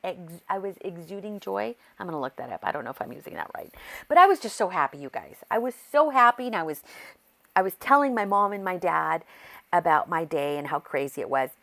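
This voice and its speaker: A woman vlogger chatting casually and excitedly, rambling through a story with restarts while she crafts. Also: fairly low pitch, a little fast, gravelly. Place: home craft desk.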